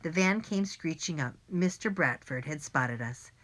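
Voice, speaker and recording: A woman narrating a first-person children's audiobook in a lively, plain and clear storytelling manner. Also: low-pitched, measured pace.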